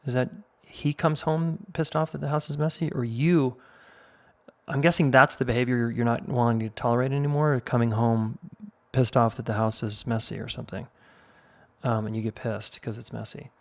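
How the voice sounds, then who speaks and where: A man's voice: mid-range voice, fairly even intonation, moderate pace, gravelly. A man hosting a relationship advice podcast, chatting casually as he reads a listener's question and comments on it. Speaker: podcast host.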